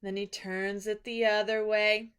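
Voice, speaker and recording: A woman's voice: medium pitch, little pitch movement, measured pace, a bit bright, clear, resonant tone. A young woman teacher giving a casual, chatty lesson recap with plenty of enthusiasm.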